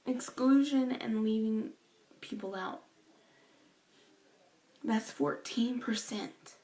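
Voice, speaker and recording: A young woman talking earnestly to her camera in a vlog, slow and emotional, halting with sighs and restarts. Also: a little high, mellow, low-quality recording. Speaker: vlogger.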